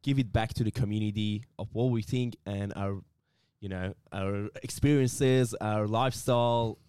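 Friendly Iranian-born man, smooth voice. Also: on the low side, steady tone, normal speed, mellow, dry recording, clean studio sound. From Iran. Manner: friendly, laughs easily, restarts words. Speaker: podcast co-host. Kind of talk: casual chat.

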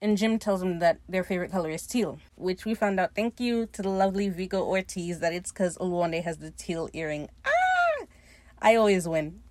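Casual podcast host, woman, dry mic, animated retelling. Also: lowish voice, brisk, hardly any pauses, no room sound. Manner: animated, acts out characters' lines while retelling. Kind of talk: casual episode recap.

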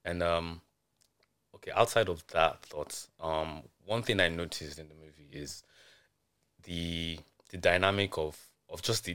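Deep-voiced man thinking aloud casually. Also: fairly bright tone. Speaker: podcast panelist. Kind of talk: casual podcast chat.

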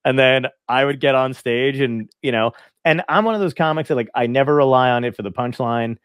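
A man's voice: medium pitch, a little fast, smooth, no room sound. A male stand-up comedian from Brooklyn telling stories in a casual, profane chat and acting out the voices of people he quotes. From Brooklyn, New York; grew up in New Jersey. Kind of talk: casual podcast chat, storytelling.

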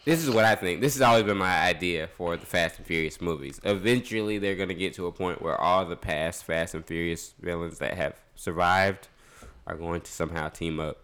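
A man's voice: sits low, fairly quick, clean tone. A man co-hosting a podcast, chatting casually with lots of fillers, laughs and the odd curse. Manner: relaxed, laughing, swearing, filler-heavy. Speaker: podcast co-host. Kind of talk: casual chat.

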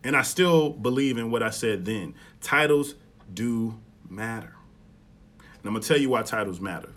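Animated man podcasting in AAVE. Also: normal speed. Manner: animated storytelling, acts out quotes with rising pitch, swears freely. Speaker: podcast host. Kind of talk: casual solo podcast commentary.

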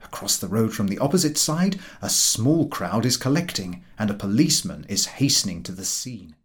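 A male reader narrates a humorous book with dry irony. His pitch moves a great deal, rising and falling across each sentence. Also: big pitch swings, moderate pace. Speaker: audiobook reader.

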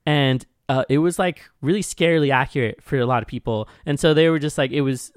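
A man's voice: mid-range voice, smooth, dry recording, clean studio sound. A man co-hosting a casual podcast, explaining a film's references in a hesitant, explanatory way with restarts and fillers. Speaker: podcast co-host. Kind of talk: casual film discussion.

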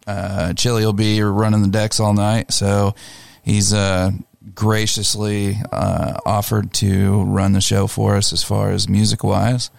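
Gravelly laid-back male radio co-host. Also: lowish voice, a little slow, dry recording. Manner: relaxed, laid-back, talks through lineups. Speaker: radio co-host and show promoter. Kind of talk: casual radio chat.

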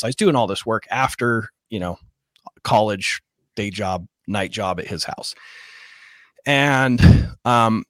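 A man's voice: lowish voice, fairly bright tone, dry recording, studio quality. A man telling his personal story as a podcast guest, earnest and casual, at times choked up, saying "dude" and "like". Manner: earnest, gets choked up, slangy. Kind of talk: emotional interview storytelling.

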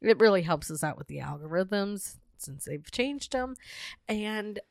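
A woman co-hosting a podcast in casual chat, a little hoarse because she is losing her voice, laughing often and reading show promos in a friendly way. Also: mid-range voice, lively intonation, unhurried, dry recording, clean studio sound. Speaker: podcast co-host.

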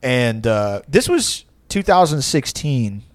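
A young man in his late twenties tells a rambling story in casual chat, swearing freely and laughing often. His pitch leaps up and down with animated energy. The sound is dry and close, with no room around it. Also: takes it slowly, no room sound.

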